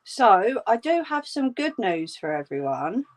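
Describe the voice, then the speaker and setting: A woman's voice: fairly high pitch, very animated, measured pace. A woman hosting a crafting livestream from a room at home, chatting casually and reassuring her viewers. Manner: reassuring, homely, calls viewers "love". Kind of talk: casual chat while crocheting, answering viewers' comments.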